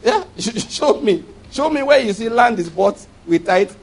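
A man preaching a sermon in an animated way, often laughing and acting out little dialogues. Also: very high-pitched, measured pace, breathy edge.

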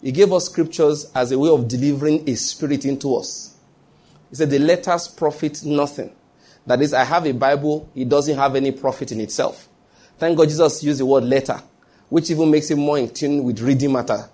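A man's voice: fairly high pitch, a little fast, warm tone, husky. A man preaching a sermon, often checking that his listeners follow him and restarting his phrases.

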